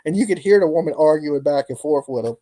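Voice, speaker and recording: A man's voice: fairly high pitch, lively intonation, quick pace, warm tone. A tired man chatting casually on a live stream in loose, colloquial talk. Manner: loose, colloquial, laughing storyteller. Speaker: livestream host.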